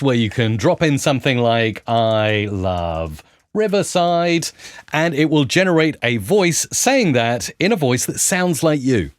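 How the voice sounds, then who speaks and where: A man hosting a tech channel, walking viewers through software on screen in an upbeat presenter tone. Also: medium pitch, dry recording, clean studio sound. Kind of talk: screen-recorded software walkthrough.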